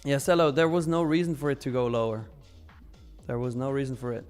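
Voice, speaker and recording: Young guy hosting a live stream, upbeat and chatty, reads out chat, laughs a lot, soft music behind. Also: medium pitch, brisk, smooth. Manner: chatty, upbeat, laughs often, slang like fire. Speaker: live trading stream host. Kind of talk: casual live-stream chat reading viewer comments.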